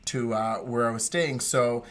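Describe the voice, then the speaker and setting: Man, lively podcast storyteller. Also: mid-range voice, a little slow. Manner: animated storyteller, acts out quoted voices. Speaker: podcast co-host. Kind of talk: casual storytelling chat.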